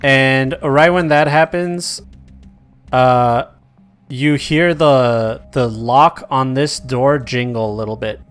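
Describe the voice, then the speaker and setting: A man narrating a tabletop game as game master, casual and profane, dropping into quick quotes of the characters. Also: mid-range voice, a bit bright, smooth, soft background music.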